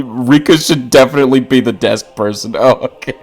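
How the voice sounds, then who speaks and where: A man's voice: medium pitch, brisk, hardly any pauses, soft background music. A man streaming a story game, reading the text aloud between frequent laughs and joking banter with chat.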